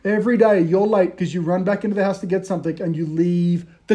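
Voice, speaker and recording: A high-voiced pastor in his thirties, talking to his congregation like a friend. He tells stories against himself with animated energy. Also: quick pace, few pauses, breathy edge. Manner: self-deprecating, animated storytelling. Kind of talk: casual conversational sermon.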